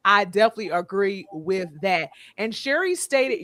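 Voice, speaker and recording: A woman's voice: medium pitch, lively intonation, moderate pace, few pauses, fairly bright tone, no room sound. A woman hosting a casual livestream podcast, reading viewer comments aloud and laughing often. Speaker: podcast host.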